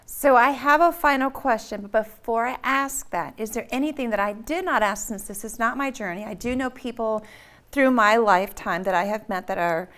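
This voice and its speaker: A woman's voice: fairly high pitch, moderate pace, fairly bright tone. Woman, podcast host, casual, reflective, long rambling questions. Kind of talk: casual interview talk.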